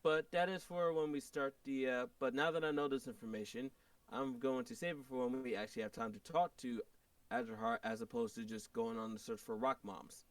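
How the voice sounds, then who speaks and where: A man's voice: medium pitch, expressive, a little fast, gravelly, clean tone, dry recording. A man playing a tabletop role-play game, thinking aloud and restarting mid-sentence. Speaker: player. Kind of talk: tabletop game planning talk. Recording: dry, distant from the mic.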